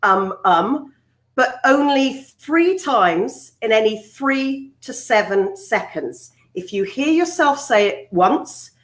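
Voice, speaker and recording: A woman's voice: a little high, takes it slowly, roomy sound. A woman on a video call, chatting casually and animatedly on a panel about speaking on camera. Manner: lively, animated storytelling with playful voices. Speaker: presenter and author, panel guest.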